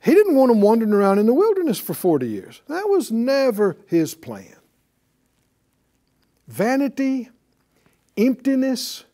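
Animated high-voiced male preacher. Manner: animated, asks the class questions, acts out quotes. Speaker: bible teacher. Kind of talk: preaching to a class.

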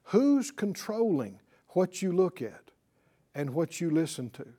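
This pastor's sermon is lively and unhurried, delivered in a high, husky, very animated voice that leaps up and down. He laughs a lot and keeps asking his listeners "right?".

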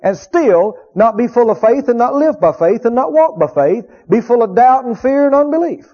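Male preacher, high voice, emphatic and repetitive delivery, muffled lo-fi sound. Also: expressive, slightly rough. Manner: emphatic, repeats key phrases, drawn-out quotes of scripture. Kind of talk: sermon. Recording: dull lo-fi recording.

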